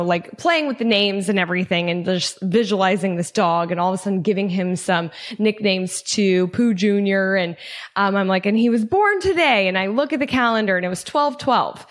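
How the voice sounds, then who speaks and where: Woman in her 30s hosting a podcast, super chatty, lots of likes and ums, mid pitch. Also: normal speed. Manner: chatty, heavy on fillers like "like" and "um"; animated when quoting herself. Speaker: podcast host. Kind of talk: casual chat, personal storytelling.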